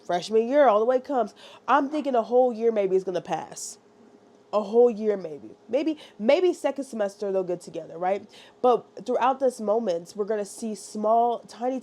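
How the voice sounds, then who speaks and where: Chatty woman with a mellow voice. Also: mid-range voice. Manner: animated, rambling, lots of "like" and "right?". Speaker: book reviewer. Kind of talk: casual chatty book review.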